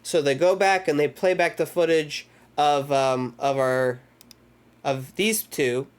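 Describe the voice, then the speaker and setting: A man's voice: fairly high pitch, takes it slowly, clear, resonant tone. A man hosting a movie discussion, casually recapping scenes in a rambling way full of filler words. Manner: energetic retelling of scenes. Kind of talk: casual film recap chat.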